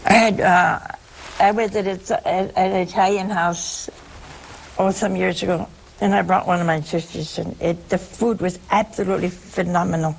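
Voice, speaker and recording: An older woman giving a religious talk to listeners, telling lively stories and acting out the voices in them. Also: fairly low pitch, moderate pace, creaky, a little hiss or hum. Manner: animated storyteller, acts out quotes with laughter. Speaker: religious speaker addressing listeners.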